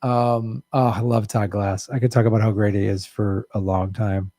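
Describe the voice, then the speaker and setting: A man hosting a podcast, reading viewer comments aloud and telling stories in an animated way. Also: on the low side, normal speed, no echo, studio quality. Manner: animated storytelling. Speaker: podcast host.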